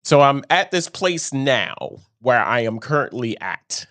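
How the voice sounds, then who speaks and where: A man speaking in a slow, unhurried way, rambling casually and chuckling at his own lines. His voice sits at a middling pitch. It was recorded close and dry, with no room echo. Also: big pitch swings, fairly bright tone. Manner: slow, rambling, laughs at himself. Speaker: show host. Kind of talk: casual storytelling monologue.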